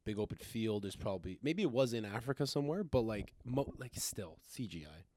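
A man co-hosting a podcast in casual chat, chatty and quick to laugh, with lots of "like" fillers. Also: fairly low pitch, animated, darkish tone, no echo, studio quality. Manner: chatty, laughs a lot, heavy use of "like". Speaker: podcast co-host.

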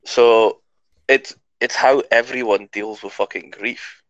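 A podcast co-host with a Scottish accent chats casually, blunt and swearing freely, while his voice is giving out. His mid-range voice stays steady and slow, and the recording is dull, dry and lo-fi with no room sound.

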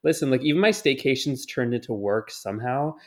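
A man's voice: mid-range voice, expressive, brisk. Dry, sarcastic young man. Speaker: podcast co-host. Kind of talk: casual chat. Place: home, remote call.

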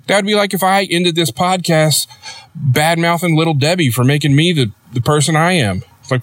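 A man hosting a comedic podcast in a rambling, deadpan, sardonic monologue, recorded near a road. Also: fairly high pitch, normal speed, no room sound. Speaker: podcast host. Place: outdoors near a road with passing trucks.

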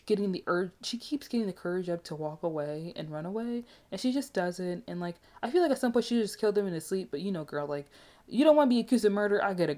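A woman giving a casual, animated movie review, chatty and emphatic with frequent asides. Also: on the low side.

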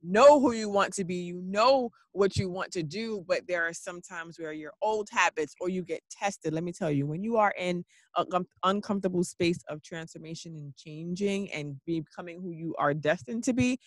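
A man hosting a casual talk, animated and laughing often as he recaps his guest's points. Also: high-pitched, moderate pace, few pauses, no echo. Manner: animated, laughing, repeats "literally". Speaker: podcast host.

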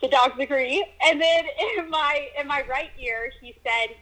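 Woman telling her story, lively, acts out bits, bright higher voice. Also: measured pace, a little hiss or hum, low-quality recording. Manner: animated, reenacts moments with exclamations and laughs. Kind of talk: casual conversational storytelling.

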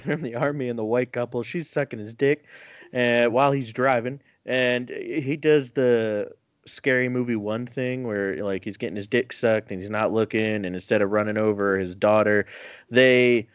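A man's voice: fairly low pitch, no echo, lo-fi sound. A man casually recapping a film with crude jokes, laughing often and acting out the characters' lines. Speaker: podcast host recapping a film. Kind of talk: casual comedic movie recap.

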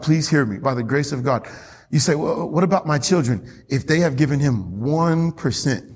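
A man serving as pastor delivers a sermon in a church hall, and long hall reverb trails his words. His voice sits on the high side, with a darkish, husky tone, and he often poses questions to the congregation and pauses for their reply.

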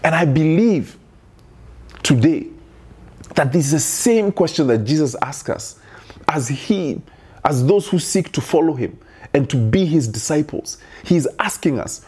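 A man's voice: a little high, animated, measured pace, darkish tone, slightly rough. A man preaching a sermon in an earnest tone, building through repeated rhetorical questions. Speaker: pastor.

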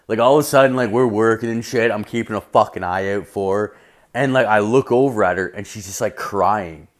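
A man's voice: on the low side, fairly quick. A young man telling a rambling work story in a casual rant, swearing constantly and leaning on "like".

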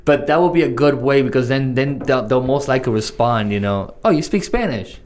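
A man's voice: mid-range voice, a little mellow. Teasing male co-host. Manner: teasing, quick joking interjections, laughs often. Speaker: podcast co-host. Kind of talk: casual chat.

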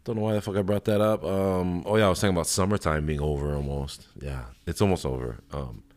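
A man in his thirties with an extremely low, rumbling voice, talking loosely as a podcast host. He rambles in a laid-back way, swears freely and fills gaps with "um" and quick laughs. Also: a little mellow. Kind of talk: casual solo podcast chat.

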